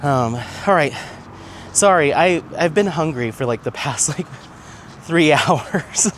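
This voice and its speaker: A man's voice: on the high side, expressive, slow pace, fairly bright tone. A man hosting a casual vlog while walking outdoors, chatting and laughing often as he reads out viewer comments. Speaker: vlog host. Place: outdoors on town streets. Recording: street noise, outdoor recording. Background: faint street and traffic sounds.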